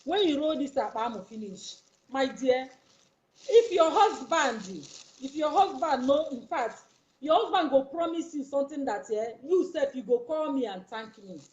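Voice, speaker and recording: A woman's voice: sits high, normal speed, darkish tone, lo-fi sound. A woman with a Nigerian accent gives a casual step-by-step demonstration to her viewers. She talks in a coaxing, repetitive way and keeps checking that they are following. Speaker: YouTuber.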